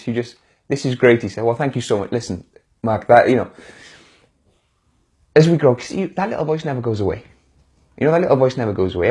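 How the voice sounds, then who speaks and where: Husky, mellow-voiced man giving a live pep talk. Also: medium pitch. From United Kingdom. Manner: warm, encouraging, addresses viewers directly. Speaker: motivational speaker.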